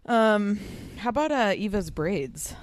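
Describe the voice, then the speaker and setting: A woman's voice: mid-range voice, expressive, slow. A woman co-hosting a podcast in casual chat, blunt and sarcastic, swearing freely. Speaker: podcast co-host.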